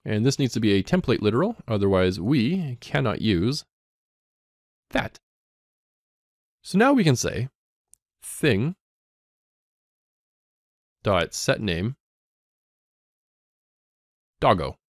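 A man's voice: slow pace, long pauses, no echo, clean studio sound. A man teaching a coding lesson, explaining step by step and reading code aloud as he types. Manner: lively ups and downs in pitch. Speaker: coding instructor.

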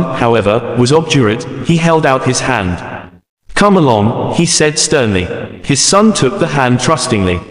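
Male narrator for a read-aloud story; measured delivery, long reverb. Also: medium pitch.

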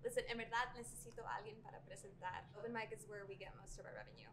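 A woman's voice: medium pitch, sing-song, racing, background noise, lightly acted. An actress playing a friendly open-mic organizer who slips Spanish into her English. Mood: upbeat. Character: upbeat woman running a comedy open mic. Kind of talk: scripted comedy drama acting.

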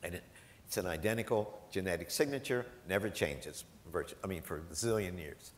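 A man's voice: low-pitched, fairly quick, a little hiss or hum. Man telling stories in an echoey hall. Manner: animated, self-deprecating, laughs often. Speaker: professor. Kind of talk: storytelling anecdotes to a live audience. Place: large event hall.

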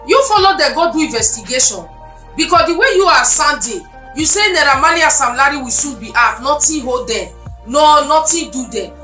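Nigerian woman host, high bright voice, indignant and scolding, echoey room. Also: animated, brisk, soft background music. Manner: indignant, scolding, mixing Pidgin and English. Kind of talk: heated commentary on a talk show.

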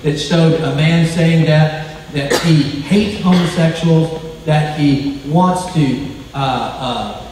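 A man delivers a sermon in a high-pitched voice, swelling on key phrases and dropping low at the ends. He stumbles over a word now and then. The sound comes from far off in a booming, reverberant hall. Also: takes it slowly, background noise. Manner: preaching with emphatic rises and drops, stumbles over words. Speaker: pastor.

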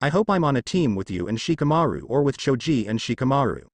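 A man's voice: medium pitch, very animated, fast talker, no room sound. A man playing a cocky teenage ninja boy. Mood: teasing. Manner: cocky and teasing. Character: brash teenage boy ninja, cheeky and defiant.

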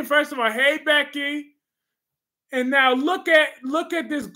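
Animated man hosting a chatty livestream. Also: very high voice, a little slow. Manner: animated, repeats phrases for emphasis. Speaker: livestream host reading comments. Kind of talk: casual livestream chat.

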